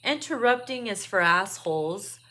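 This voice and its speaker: A woman's voice: mid-range voice, animated, normal speed, pushed and bright. A woman doing a casual tarot card reading, blunt and profane, laughing often. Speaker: tarot reader.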